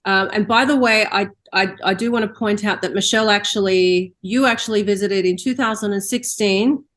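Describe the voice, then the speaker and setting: A woman hosting an interview at an everyday mid pitch. She talks in a relaxed conversational way, recapping what she knows and asking follow-up questions. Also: moderate pace. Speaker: interview host. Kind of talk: casual interview.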